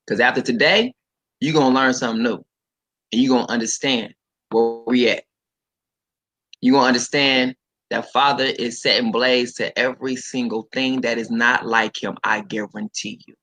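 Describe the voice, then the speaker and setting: A man preaches casually on a livestream, addressing his viewers directly in a mid-range, fairly bright voice with fairly even intonation at normal speed. He reads scripture aloud, comments on it, and repeats points emphatically. The audio is poor.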